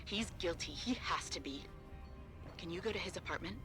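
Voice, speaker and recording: A woman's voice: on the low side, moderate pace, over music, natural voice. A woman voicing an urgent, insistent pilot.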